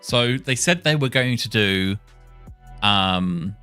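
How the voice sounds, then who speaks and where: A man talking to himself while testing speech software, muttering and correcting himself as he goes. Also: lowish voice, expressive, slow pace, smooth, soft background music. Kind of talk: casual thinking-aloud coding session.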